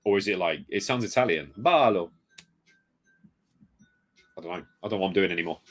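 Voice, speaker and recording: A man's voice: low-pitched, racing, fairly bright tone. A man chatting casually on a live stream at home, rambling and greeting viewers by reading out their comments. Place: home room full of retro games. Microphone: desk mic moved close.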